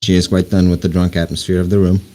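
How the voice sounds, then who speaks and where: A man narrating as game master of a tabletop game, halting with fillers. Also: low voice, flat delivery, mellow. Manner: halting, many fillers and restarts.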